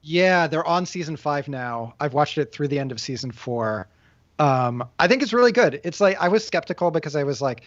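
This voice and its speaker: A man's voice: fairly high pitch, expressive, moderate pace, no room sound. A man hosting a podcast in casual chat, rambling with lots of filler words. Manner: rambling, heavy use of "like". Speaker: podcast host. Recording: dry, dull lo-fi sound.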